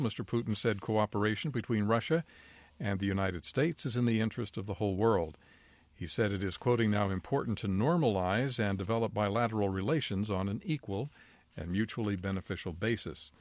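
A man reading a scripted world news bulletin as the anchor, in a measured, even newsreader delivery. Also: fairly low pitch, no echo.

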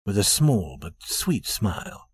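A man narrating a story in a measured, expressive scripted reading. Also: fairly low pitch, breathy edge.

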